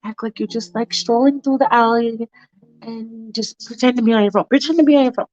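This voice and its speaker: A woman's voice: fairly high pitch, fairly quick, darkish tone, no room sound, soft background music, natural voice. Woman doing a gushing young city visitor. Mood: excited. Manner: gushing, chatty. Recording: dull lo-fi dry recording.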